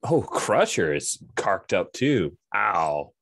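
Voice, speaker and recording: A man's voice: low voice, big pitch swings, takes it slowly, gravelly, fairly bright tone, slightly rough, no room sound, studio quality. A man narrating a tabletop game as game master, chatty and enthusiastic.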